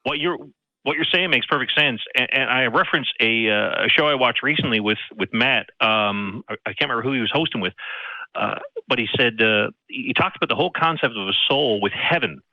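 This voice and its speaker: A man with a Newfoundland accent calling in to a show, speaking haltingly with many restarts and repeated words. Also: medium pitch, dry recording. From Newfoundland and Labrador. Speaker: caller. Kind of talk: casual phone-in chat. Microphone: phone or computer call. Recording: dull, muffled line.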